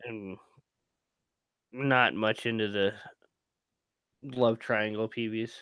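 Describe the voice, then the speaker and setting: A man co-hosting a casual podcast, talking about music videos in a low-key, laid-back way with hesitant restarts and sounding tired. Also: fairly even intonation, slow, fairly bright tone, smooth, no echo. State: tired, yawning. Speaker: podcast co-host.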